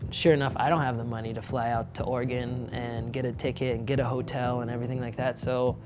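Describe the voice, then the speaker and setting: A man's voice: medium pitch, flat delivery, fast, over music. Young man telling a story, slangy and loose. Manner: loose slangy talk full of "like", acting out quoted voices. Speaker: snowboarder. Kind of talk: casual storytelling.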